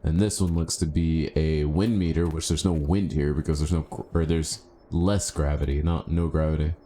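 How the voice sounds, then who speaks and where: A male gaming streamer with a very low voice talks through his play in a loose, casual way. He muses out loud and jumps into excited yelps. A faint hiss sits under the recording. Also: moderate pace. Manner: chatty, thinks aloud, bursts into excited yelps. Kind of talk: casual live gameplay commentary.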